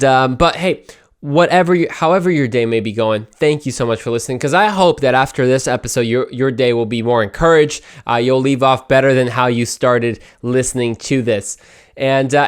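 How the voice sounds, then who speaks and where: A man's voice: medium pitch, smooth. Upbeat young man hosting a podcast. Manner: upbeat and chatty, with playful asides. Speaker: podcast host. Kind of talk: casual solo podcast monologue.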